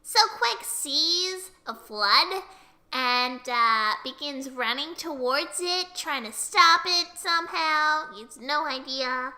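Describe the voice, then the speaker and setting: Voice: high voice, slow pace, pushed and bright. A young storyteller rambling through a giggly recap of a tabletop game.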